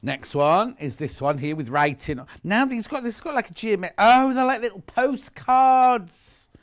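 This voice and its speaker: A man's voice: high-pitched, lively intonation, a little slow. A man presenting live shopping television, chatting and bantering with his co-workers. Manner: chatty, bantering, chuckling asides.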